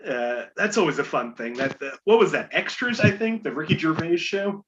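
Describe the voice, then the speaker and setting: A man's voice: fairly high pitch, expressive, normal speed, a bit bright, dull audio, slight background noise. A man hosting a casual podcast game show, reading clues aloud with playful asides and chuckles.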